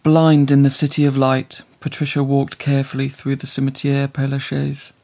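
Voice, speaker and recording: A man reading a literary story aloud in measured, scripted narration. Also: mid-range voice, monotone, gravelly, darkish tone. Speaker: audiobook narrator.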